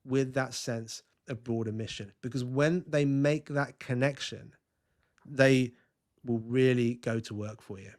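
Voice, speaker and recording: A man's voice: medium pitch, steady tone, a little slow, a little mellow. Man telling stories with energy. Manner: enthusiastic storytelling with frequent restarts. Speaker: guest culture consultant. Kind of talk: podcast interview.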